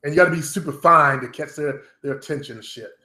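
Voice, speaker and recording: Middle-aged male vlogger, profane and blunt, rambling monologue, slightly higher voice, echoey home room. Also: quick pace, bright, forceful tone. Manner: blunt and profane, talks to viewers directly. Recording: roomy echo.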